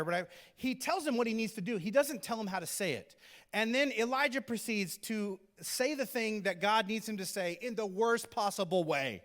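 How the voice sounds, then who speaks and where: A man's voice: high voice, expressive, brisk, a bit bright. A male pastor giving a sermon in a conversational, joking storytelling manner.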